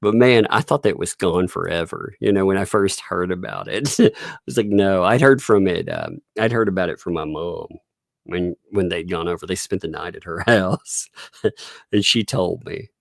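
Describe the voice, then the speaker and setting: A man hosting a casual livestream, chatty and quick to laugh as he retells everyday stories. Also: deep voice, expressive, vocal fry, no room sound, clean studio sound. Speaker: livestream host.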